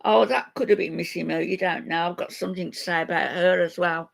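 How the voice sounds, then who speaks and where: Gravelly older woman scolding viewers. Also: fairly low pitch, fairly even intonation, a little fast. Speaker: livestream host. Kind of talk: casual livestream chat.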